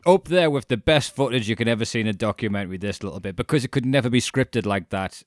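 A man's voice: mid-range voice, fast, no echo, studio quality. A man co-hosting a casual podcast, retelling a documentary and acting out the quotes with frequent laughter. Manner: animated storyteller, acts out quotes, laughs often.

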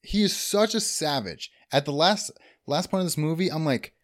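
A man gushing in a casual movie review chat, his pitch bouncing up and down as he talks. He is enthusiastic and leans on "like" and "dude" constantly. His voice is recorded close and dry. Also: animated, normal speed, no room sound. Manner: enthusiastic, heavy use of "like" and "dude". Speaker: podcast co-host.

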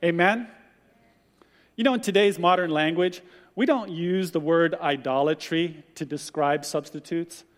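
Male pastor, sermon; higher voice, acts out quotes with animation; long room reverb. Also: a little slow.

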